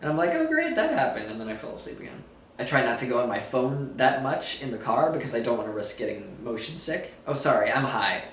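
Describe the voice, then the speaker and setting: A man's voice: mid-range voice, fast talker, fairly bright tone, slight background noise. Young male vlogger, groggy and giggling as he rambles, recorded at a distance from the mic. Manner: rambling, giggly, loses his thread. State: sore throat, groggy after surgery. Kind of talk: casual storytelling vlog. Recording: echoey room, a bit far from mic.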